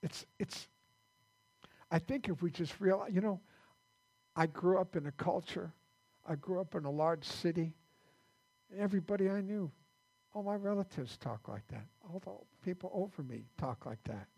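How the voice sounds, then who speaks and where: A man preaches a loose, conversational sermon in a church, stopping and restarting his sentences as he goes. His voice is a little higher than most men's, with a gravelly, husky edge. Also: darkish tone. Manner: halting, repeats words as he restarts. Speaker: pastor.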